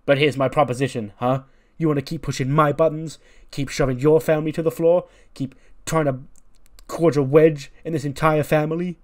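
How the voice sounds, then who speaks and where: A man's voice: medium pitch, steady tone, a little slow, pauses often, close to an everyday voice. A man doing a stern veteran wrestler father. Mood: challenging. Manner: earnest, pleading then challenging.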